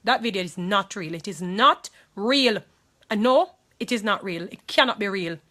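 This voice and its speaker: A woman's voice: medium pitch, animated, moderate pace, pushed and bright. A woman with a Jamaican accent, speaking to viewers in an impassioned monologue. She talks emphatically, repeats phrases and pleads, distressed and angry.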